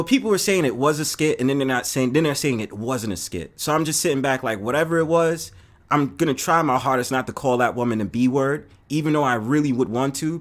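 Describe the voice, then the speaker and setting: A man from New City, hosting a live stream and ranting casually to his chat viewers, profane and animated. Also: medium pitch. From New York City. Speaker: host.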